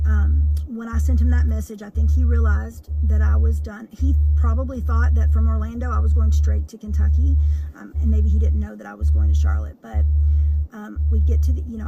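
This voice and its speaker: A woman's voice: on the high side, dull audio. A woman telling a personal story in a casual storytime monologue, earnest and tense, with many fillers.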